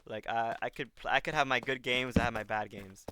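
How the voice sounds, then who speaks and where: A young man chats loosely while he plays, looping back and restarting his thoughts. His voice sits at an ordinary middle pitch. A loud steady hiss and clicking run under the whole recording. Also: a little fast. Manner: rambling, self-correcting, talks while playing. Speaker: streamer. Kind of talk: casual gaming stream chat. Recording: loud background noise with clicks.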